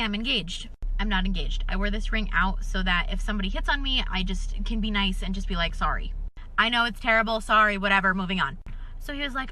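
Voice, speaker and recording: Young woman, bright voice, sassy animated storyteller. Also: medium pitch, a little fast. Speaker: retail worker telling a story. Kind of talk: casual storytime video.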